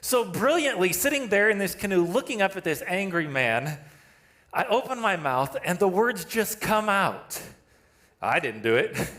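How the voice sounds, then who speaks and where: High-voiced pastor telling a story. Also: male voice, moderate pace. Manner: animated, self-deprecating storyteller who laughs at himself. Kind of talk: storytelling sermon. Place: church sanctuary.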